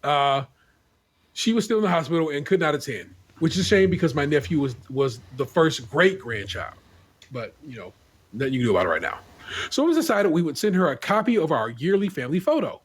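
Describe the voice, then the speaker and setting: A male podcast host reads forum posts aloud in a relaxed, joking way and swears freely. His voice is husky and sits a bit high for a man. He chats casually between readings. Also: a little fast. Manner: laid-back, wisecracking, profane.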